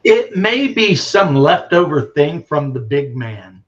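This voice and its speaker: A man's voice: a little high, big pitch swings, slow. A man in casual chat, telling rambling, wry family anecdotes. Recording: dull lo-fi sound.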